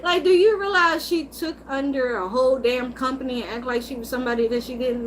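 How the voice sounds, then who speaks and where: A high-pitched woman hosts a casual livestream, answering her chat as she gossips about soap operas. She is animated, swears freely and laughs often. A faint hiss sits behind her voice. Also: fairly quick, few pauses, low-quality recording. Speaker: livestream host.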